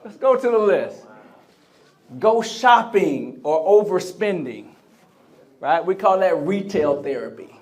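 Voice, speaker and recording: A man's voice: high voice, slow pace. A man giving a live motivational keynote speech in a convention center hall. He talks with energy and keeps prompting the crowd to answer him. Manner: energetic, call-and-response with the crowd; acts out quoted voices. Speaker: motivational speaker.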